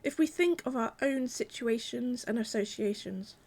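A woman delivering a sermon in a calm, measured, reflective way. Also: fairly high pitch. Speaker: preacher.

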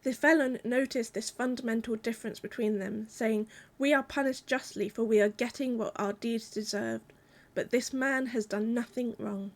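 This is a female preacher with a fairly high voice. She delivers her sermon calmly, reflectively, and at a measured pace.

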